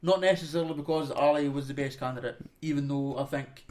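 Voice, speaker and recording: A man's voice: a little high, fairly even intonation, quick pace, darkish tone. Ranting, swearing Scottish young man. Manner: swears heavily, rants with mocking voices. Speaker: podcast co-host. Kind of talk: profane casual chat, ranting.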